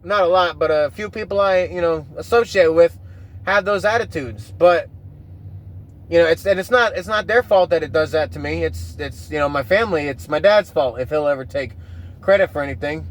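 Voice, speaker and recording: High-voiced man ranting casually. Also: moderate pace. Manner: profane, rambling, with frequent restarts. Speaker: podcast host. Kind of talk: casual rambling monologue.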